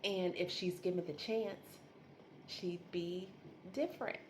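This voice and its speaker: A calm, patient witch woman with a soft, reassuring way of speaking, put on by a woman recounting a TV episode. The voice sits low and stays unhurried, with a faint hum of room noise behind it. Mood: calm patience.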